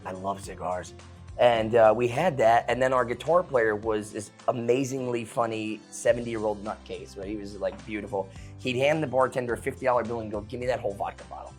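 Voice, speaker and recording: A man's voice: mid-range voice, brisk, faint music behind. A man in his late twenties, a band musician, telling a story casually and acting out the people in it. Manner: animated, acts out quotes loudly.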